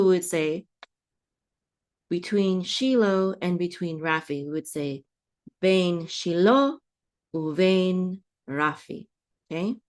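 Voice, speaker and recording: A patient woman walks her listeners through a Bible Hebrew lesson at an unhurried pace. Her voice sits a little low, and she keeps pausing to ask if they follow, going back over her own phrases. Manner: patient, checks in with "okay?" often, restarts phrases. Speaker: Hebrew teacher.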